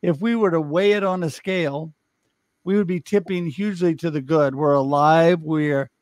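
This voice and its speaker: A man's voice: on the high side, normal speed, darkish tone, dry recording. Enthusiastic man host, dry sound. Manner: enthusiastic and affirming. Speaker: podcast host. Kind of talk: conversational interview.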